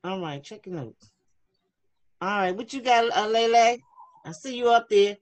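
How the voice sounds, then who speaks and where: This online youth class leader has a fairly high, slightly mellow voice and speaks at a normal speed. She's running a casual children's class over video, chatting and encouraging the kids while reading their messages aloud.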